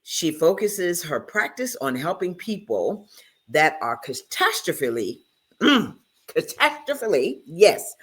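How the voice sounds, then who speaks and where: A woman's voice: low-pitched, fairly bright tone, breathy edge. A woman hosting a talk show interview, effusive and emotional, often stumbling over her words. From Charleston, South Carolina.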